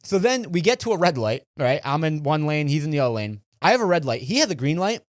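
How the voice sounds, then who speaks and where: A man's voice: a little high, sing-song, quick pace, no room sound, clean studio sound. A man co-hosting a podcast, telling a road story in casual chat, acting out quotes with frequent restarts. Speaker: podcast co-host.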